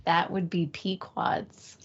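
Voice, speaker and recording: A woman from Chicago moderating the Q&A of an online conference session, relaxed and matter-of-fact. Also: lowish voice, slow. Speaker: event organizer moderating Q&A. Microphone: video call. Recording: dull lo-fi call audio.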